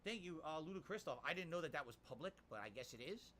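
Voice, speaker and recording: Man, middle-aged, streamer, casual livestream chat, rambling, emphatic, bright forceful voice, a bit high. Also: lively intonation, fast, slight background noise. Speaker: streamer reading viewer tips.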